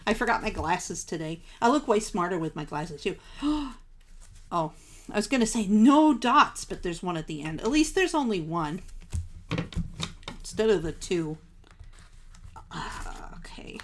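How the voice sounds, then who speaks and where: A woman's voice: mid-range voice, sing-song, unhurried, long pauses. A woman hosting a live crafting stream, chatting casually with viewers, gushing over supplies and laughing at herself. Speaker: craft livestream host.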